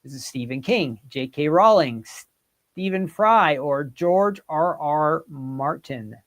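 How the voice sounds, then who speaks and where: A man's voice: a little high, lively intonation, takes it slowly, a bit bright. A man hosting a casual livestream quiz, reading out viewers' guesses and teasing them playfully. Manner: playful, reads out viewer comments and teases them. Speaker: livestream host.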